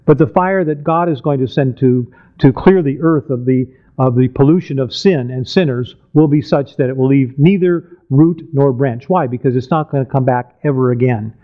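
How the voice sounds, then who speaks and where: A man's voice: mid-range voice, moderate pace, narrow, tinny audio. A man preaching a Bible teaching sermon, reading scripture aloud and explaining it with questions to the listeners.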